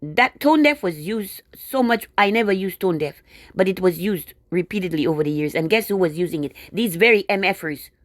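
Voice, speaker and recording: A woman's voice: on the low side, lively intonation, normal speed, dry recording. A woman delivering a casual, indignant monologue straight to her viewers, full of sarcastic asides. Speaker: video blogger.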